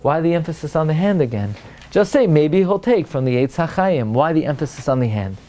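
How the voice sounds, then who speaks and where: Rabbi, male, lecture delivery: animated, fairly high voice, rhetorical questions, swings up for emphasis. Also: a little fast. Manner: animated, rising to a high excited pitch for emphasis; peppers English with Hebrew and Aramaic terms, asks rhetorical questions. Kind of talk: Torah lecture.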